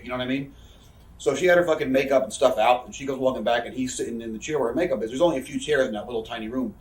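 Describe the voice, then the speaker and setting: This interview guest is a pro wrestler in his 30s with a medium-pitched voice, recorded from a distance with roomy echo and a bit off-mic. He tells candid, casual stories, rambling and quick, swearing constantly and leaning on fillers.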